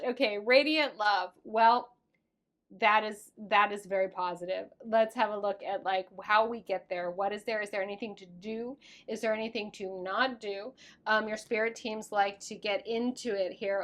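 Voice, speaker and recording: A woman in her thirties reads tarot cards to camera in a casual, affectionate, gushing way. Her voice sits at an ordinary middle pitch. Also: a bit bright. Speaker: tarot reader.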